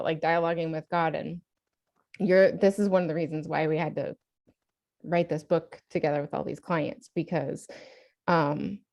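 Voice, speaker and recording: A woman's voice: lowish voice, gravelly, darkish tone. A woman podcast host in casual chat, reflective and often trailing off with fillers. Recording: dull lo-fi sound.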